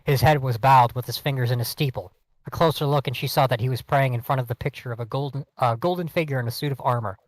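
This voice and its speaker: A man's voice: medium pitch, quick pace, dry recording, rough recording. A man hosting a podcast, reading fan fiction aloud for laughs. He stumbles over the text and cuts in with joking asides. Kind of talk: comic dramatic reading.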